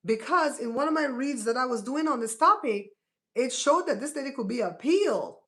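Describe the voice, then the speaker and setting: A woman's voice: high voice, expressive, normal speed, fairly bright tone. A woman hosting a casual live stream, chatting to her viewers and often checking in with "right?". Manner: chatty, talks straight to her chat with many "right?" asides.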